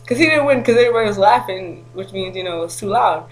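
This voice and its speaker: A woman vlogging to camera, telling a story in an animated, slangy way with frequent laughter. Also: fairly high pitch, fast talker, pauses often, low-quality recording.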